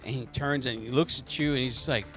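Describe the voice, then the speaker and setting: A man's voice: mid-range voice, fairly even intonation, fast, fairly bright tone, faint music behind. A man narrating as game master of a tabletop game, rambling, with many fillers and restarts.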